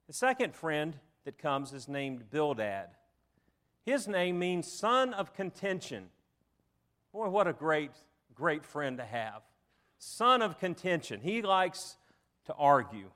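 High-voiced man preaching. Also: big pitch swings, takes it slowly, a bit bright. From Southern United States. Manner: folksy and humorous, with dramatic storytelling. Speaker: pastor. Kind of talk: sermon.

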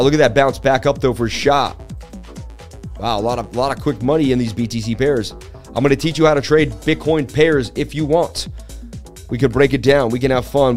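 Hyped man hosting a crypto livestream. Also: medium pitch. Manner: hyped, rapid shout-outs, jokey. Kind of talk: live market-analysis stream with chat shout-outs.

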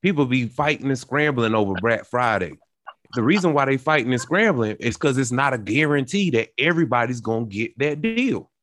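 A man's voice: mid-range voice, expressive, brisk, fairly bright tone, no room sound. A young man hosting a casual talk show, explaining his point earnestly with everyday examples and many restarts. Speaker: podcast host. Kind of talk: casual conversational discussion.

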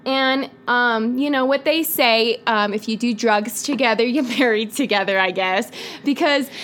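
A young woman hosts a loose true-crime chat, her voice pitched a bit high. She talks at an unhurried, drawn-out pace, swearing casually and breaking into laughter at her own asides. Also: a bit bright. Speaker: podcast host.

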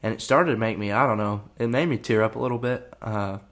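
A young man, a college football player, telling a story on his podcast in a relaxed, rambling way, full of fillers. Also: on the low side, quick pace. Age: young adult. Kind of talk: casual storytelling.

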